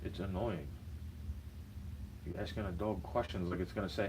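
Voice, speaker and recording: A man's voice: sits low, fairly even intonation, normal speed, a little mellow, slight background noise, poor audio. A young man ranting in a casual vlog, slangy and heated, repeating himself as he vents.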